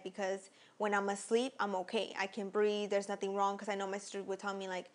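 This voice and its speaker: A woman's voice: mid-range voice, flat delivery, a little fast, hardly any pauses. Young woman vlogger just chatting thru a personal story, rambly, lots of um and like. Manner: rambling, many fillers and restarts.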